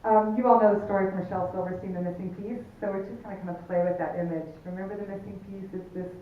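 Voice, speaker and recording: A woman's voice: medium pitch, quick pace, a little hiss or hum. Woman telling a story in an echoey hall. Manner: lively storytelling, jokey. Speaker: workshop presenter. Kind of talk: relationship workshop talk. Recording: distant, echoey, tinny.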